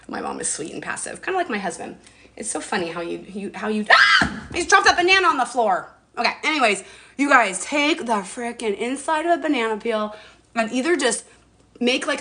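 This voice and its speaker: A woman's voice: fairly high pitch, bright, forceful tone. Bubbly chatty woman in her forties. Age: 40s. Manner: chatty, bubbly, mild cursing. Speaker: skincare livestreamer. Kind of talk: casual live-stream chat. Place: at home.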